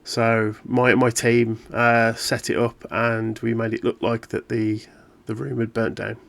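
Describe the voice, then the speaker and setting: A cool female field agent gives a flat, matter-of-fact report, as a man voices her. The delivery is halting and level, at an ordinary middle pitch. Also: creaky, no echo. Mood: flat debrief. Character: composed female field agent, cold debriefing.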